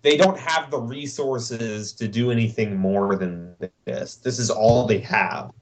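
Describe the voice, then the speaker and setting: A man's voice: mid-range voice, a little slow. A young man co-hosting a casual podcast, opinionated and explaining his views at length. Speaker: podcast co-host. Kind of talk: casual chat.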